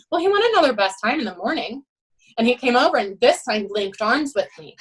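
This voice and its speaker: Animated woman coach telling stories. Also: on the high side, fairly quick, breathy edge, rough recording. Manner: animated, emphatic, frequent "you know" and "right". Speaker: head swim coach. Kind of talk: podcast interview storytelling.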